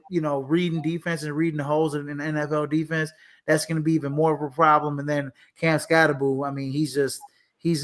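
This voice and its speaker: A man with a high voice talks sports in a loose, rambling way. He leans on fillers and restarts, laughs easily, and sounds relaxed. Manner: laid-back, lots of fillers and restarts, laughs often. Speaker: podcast co-host. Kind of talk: casual sports talk.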